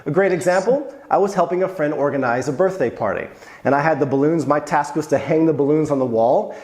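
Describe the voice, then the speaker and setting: A video host explaining Polish expressions talks casually about everyday phrases, weaving in personal anecdotes as he goes. His voice is a little high and darkish, and he speaks at a quick pace in an echoey room.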